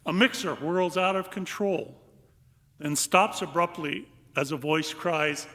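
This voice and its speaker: Older priest in a reverberant church. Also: male voice, fairly high pitch, gravelly. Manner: reflective, unhurried delivery with long pauses; reads aloud with lively comic emphasis. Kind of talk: homily. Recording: long reverb of a large hall.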